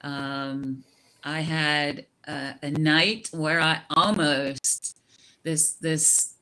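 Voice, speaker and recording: On a video call, a middle-aged woman shares her personal experience slowly and reflectively, laughing often and restarting her sentences. Her voice is low-pitched and steady, with a bright, forceful tone.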